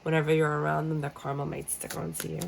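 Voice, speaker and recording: A woman doing a casual tarot reading, blunt and joking, acting out how people react in a lively way. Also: low voice, quick pace, creaky, slight background noise, low-quality recording. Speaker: tarot reader. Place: room with a squeaky chair.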